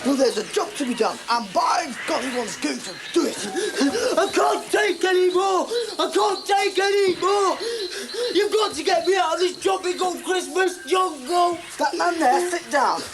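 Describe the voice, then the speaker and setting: A high-voiced young squadron leader who barks orders and teeters on the edge of hysteria, as a man acts him. Music plays clearly behind him in this homemade comedy. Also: big pitch swings, normal speed, few pauses, exaggerated voice. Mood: unhinged. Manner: shouty, theatrical. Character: overwrought young male squadron leader, Nick.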